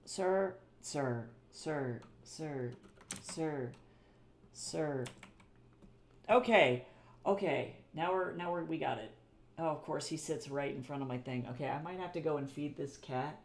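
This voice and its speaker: At a medium pitch and moderate pace, an artist chats through a live drawing stream, rambling and often correcting themself. They repeat phrases, swear casually now and then, and laugh at their own jokes.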